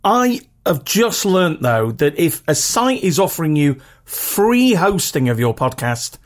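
A man's voice: fairly high pitch, very animated, a little slow. A man with a regional British accent hosting a podcast in a chatty, rambling, self-deprecating way. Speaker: podcast host. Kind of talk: casual solo podcast talk.

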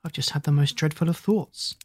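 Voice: medium pitch, brisk, slightly rough, natural voice. A reader voicing an eager eleven-year-old boy who exclaims in a rush. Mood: urgent.

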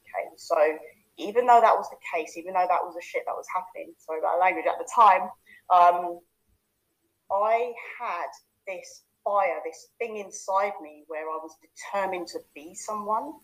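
A woman in her thirties from London shares her own story as a coach. She speaks candidly and conversationally in a slightly low voice. She keeps checking in with the listener as she talks. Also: moderate pace, rough recording. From London, England. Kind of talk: personal life story to camera.

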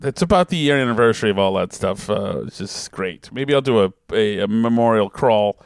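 A man's voice: fairly low pitch, animated, brisk, gravelly, no echo, studio quality. Rambling male podcast host. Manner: rambling, self-interrupting storyteller. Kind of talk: casual chat reading listener messages.

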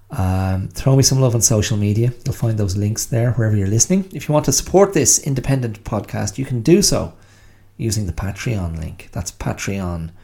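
Wry, gravelly-voiced male podcast host. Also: lowish voice, warm tone. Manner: wry, self-mocking, chatty. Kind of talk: solo podcast monologue.

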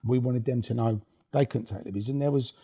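Speaking at a medium pitch and a fairly quick pace, he has a dark tone with some breathiness. He's a former rave promoter guesting on a casual interview, laughing through blunt stories packed with profanity.

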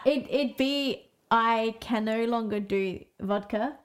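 A woman co-hosting a casual podcast, talking in a relaxed way and laughing at herself. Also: a little high, slow, slight background noise. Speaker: podcast co-host. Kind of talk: casual chat.

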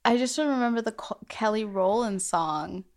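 A young woman co-hosting a podcast in casual chat, reacting quickly and laughing often. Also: mid-range voice. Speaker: podcast co-host.

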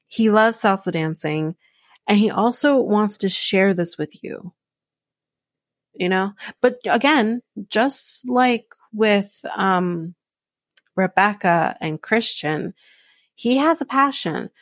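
A woman talks straight into a dry, close mic, her voice sitting at an ordinary middle pitch. She rants casually on her own podcast, blunt and exasperated, swearing freely as she goes. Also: expressive, takes it slowly, dry recording. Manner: blunt, profane, exasperated ranting. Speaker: podcast host recapping a reality show. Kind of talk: casual solo recap.

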